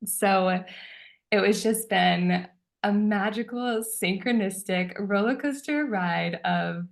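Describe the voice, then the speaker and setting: A woman's voice: medium pitch, slow pace, vocal fry. A woman telling a personal story in a casual, chatty way, with many filler words, frequent laughter and acted-out dialogue. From United States.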